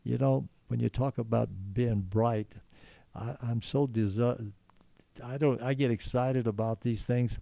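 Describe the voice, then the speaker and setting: An older man speaks earnestly in an interview, wandering from thought to thought with frequent restarts. His voice is very dark and gravelly, at a middling pitch, and the sound is dry and close. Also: steady tone, unhurried, dry recording. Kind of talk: storytelling in conversation.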